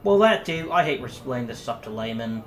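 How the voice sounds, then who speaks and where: A man voicing a gruff female mechanic with a Yorkshire accent, grumbling in a raised, strained voice. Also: lively intonation, brisk, lightly acted. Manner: grumbling, high strained put-on voice. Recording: roomy echo, faint noise.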